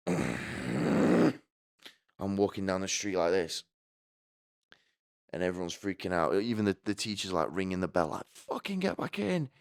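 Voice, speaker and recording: A man's voice: sits low, smooth, no echo, clean studio sound. Rambling, crude podcast man. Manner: rambling and crude, jokey asides. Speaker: podcast host. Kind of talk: comedic personal monologue.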